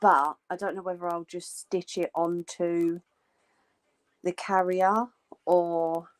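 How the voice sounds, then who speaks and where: A woman's voice: lowish voice, steady tone, slow. A woman hosting a live crafting stream, chatting casually and joking with viewers as she sews, a little tired. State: tired, yawning. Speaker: crafting livestream host. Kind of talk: casual chat while sewing live.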